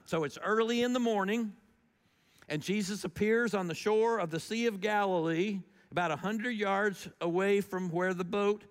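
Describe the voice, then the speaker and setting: Man, pastor, conversational storytelling sermon, somewhat high voice, long echoing reverb. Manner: conversational, animated storytelling with shifts in loudness.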